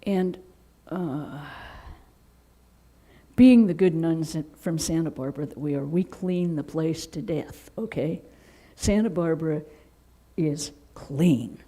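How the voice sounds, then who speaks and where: A woman from Seattle who is a nun, telling lively anecdotes in an interview and acting out quotes. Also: deep voice, slow pace, slightly rough, poor audio. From Seattle, United States. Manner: animated, with laughter and acted-out quotes. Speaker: Vedanta nun.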